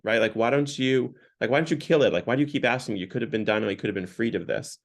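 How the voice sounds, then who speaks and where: A man's voice: mid-range voice, fast talker, close to an everyday voice. A man voicing a frightened, pleading man who makes anxious excuses, in a sermon retelling. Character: frightened, pleading man clinging to his vice.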